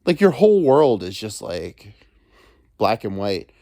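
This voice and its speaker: A man's voice: on the low side, big pitch swings, a little slow, dark tone, dry recording, studio quality. A man hosting a solo podcast from home, rambling crudely with joking asides. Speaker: podcast host. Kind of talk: casual solo monologue. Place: alone at home.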